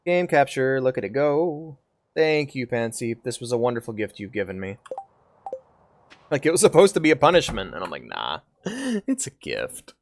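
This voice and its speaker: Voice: medium pitch, expressive, fairly quick, a little hiss or hum. A VTuber streamer giving casual live gameplay commentary, playful and giggly, swearing casually and meowing now and then.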